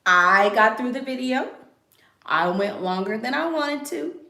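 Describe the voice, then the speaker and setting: A woman's voice: on the high side, animated, a little slow, creaky, pushed and bright. Blunt, emphatic woman in an echoey room. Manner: emphatic, repeats phrases for effect; blunt and self-assured. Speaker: online content creator. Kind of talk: casual live-stream chat.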